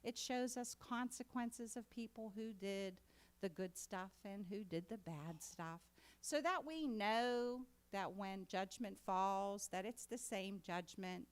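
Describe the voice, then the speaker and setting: A woman's voice: medium pitch, takes it slowly. A woman preaching a sermon in a conversational way that builds to emphatic exhortation. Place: congregation meeting hall.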